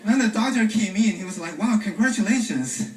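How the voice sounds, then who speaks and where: A man from China with a Chinese accent, doing a stand-up comedy set in a deadpan way with frequent "uh" pauses. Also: sits high. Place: comedy stage before a live audience. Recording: echoey stage from far off with loud room noise.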